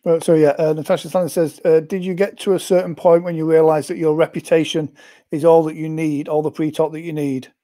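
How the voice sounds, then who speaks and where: A man's voice: a little high, level tone, fairly quick, warm tone. A man hosting an interview, giving short affirmations and reading out questions from the audience. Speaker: interview host.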